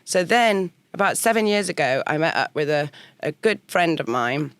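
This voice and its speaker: A woman's voice: sits low, moderate pace, clean tone, no room sound. A woman guest on a podcast, telling her story in a chatty way and acting out her own past conversations. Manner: animated, acts out her own past dialogue. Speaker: guest songwriter. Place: podcast studio.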